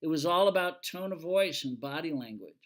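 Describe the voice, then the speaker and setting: A man's voice: on the high side, expressive, a little fast, fairly bright tone. An older man, a retired fire engineer, giving a casual lecture full of folksy stories and fillers. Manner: folksy, anecdotal, with many fillers.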